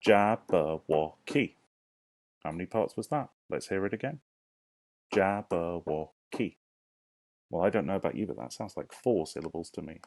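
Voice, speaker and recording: Sounding each word out slowly and clearly, a male primary school teacher encourages young children in a recorded lesson to say it along with him. His voice is deep and gravelly, expressive, with a darkish tone.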